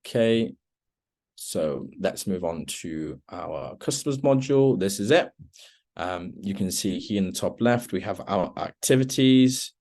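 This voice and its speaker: In an online meeting, a deep-voiced man runs a relaxed software demo over screen share, speaking a little slowly. This product trainer fills each step with plenty of ums.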